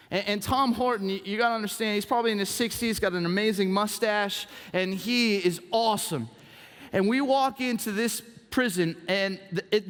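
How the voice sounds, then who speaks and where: A man preaching a sermon as pastor, telling stories in an animated way, swinging from hushed to exclaiming. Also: high voice. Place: church auditorium. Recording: reverb from a large hall.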